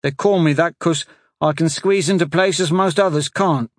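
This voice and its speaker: A frightened ragged street boy of about ten, pleading and sniffling in a high, strained voice, as a man puts him on. The tone climbs far above a grown man's speaking voice, and the recording is close and dry. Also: normal speed, no room sound, lightly acted. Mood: wary.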